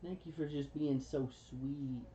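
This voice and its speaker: Mellow-voiced woman doting on her pet bird. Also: low voice, steady tone, a little slow. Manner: doting, coos pet names and laughs softly. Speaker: pet bird owner on a livestream. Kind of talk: casual chat with a pet. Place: indoors at home. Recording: dull lo-fi home livestream audio.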